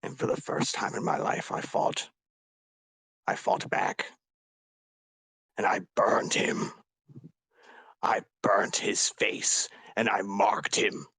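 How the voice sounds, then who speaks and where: A man voicing a grief-stricken dragonborn warrior, confessing in a raw, halting way with whispered breaks. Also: lowish voice, little pitch movement, gravelly, a bit bright, breathy edge, no echo, full character voice. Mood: grieving. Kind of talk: tabletop role-play character speech.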